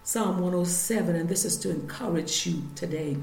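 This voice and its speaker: A woman preaching a sermon, telling her healing testimony and reading scripture with slow emphasis. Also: fairly low pitch, gravelly, darkish tone, reverberant, slight background noise, rough recording.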